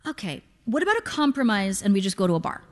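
A woman voicing a slow, careful middle-aged man on a date, speaking politely and hesitantly. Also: mid-range voice, big pitch swings, long reverb tail, lightly acted.

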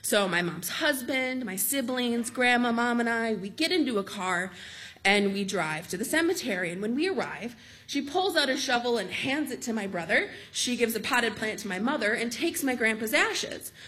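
A woman telling a true story on stage in a lively, amused, conversational way. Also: a little high, moderate pace.

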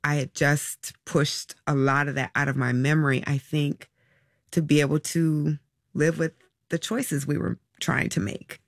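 A woman being interviewed as a parent, talking in a halting, reflective and soft-spoken way about personal choices. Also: sits low, little pitch movement, no room sound, clean studio sound. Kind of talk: emotional personal recollection.

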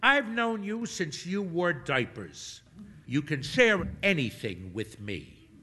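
A man's voice: a little high, big pitch swings, slow pace, bright, forceful tone, slightly rough, in a large hall, voice pushed up, full character voice. Man doing Mabel, a gushing old lady. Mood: pushy.

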